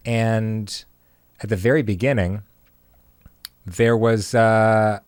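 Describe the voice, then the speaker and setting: A man in his thirties co-hosting a podcast, chatting casually with deadpan jokes. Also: lowish voice, takes it slowly, clear, resonant tone, dry recording. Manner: joking, deadpan asides. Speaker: podcast co-host. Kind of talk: casual chat.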